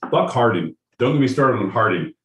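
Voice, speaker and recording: A man in casual chat, loud and profane, riffing from one tangent to the next. His voice comes from a distance off the mic and rings in a roomy space. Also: medium pitch, sing-song, fairly quick. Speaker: podcast co-host.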